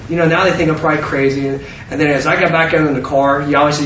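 A man preaching a sermon full of stories, animated and stumbling over repeated words. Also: a little high, fast talker, a little hiss or hum. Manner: animated, self-interrupting with repeated words and laughs. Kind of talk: sermon with storytelling. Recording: distant roomy mic, slightly dull.

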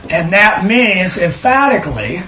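A man's voice: sits high, very animated, measured pace, bright, forceful tone, echoey room, a little hiss or hum, rough recording. A man leading an informal Bible study, explaining points emphatically and wandering into asides while reading verses aloud. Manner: emphatic, digressive, reads scripture aloud.

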